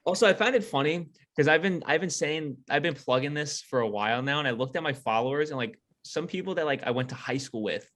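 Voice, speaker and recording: Rambling deadpan podcast guy. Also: a little high, fast, few pauses. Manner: rambling, deadpan jokes with fillers. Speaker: podcast co-host. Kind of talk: casual chat.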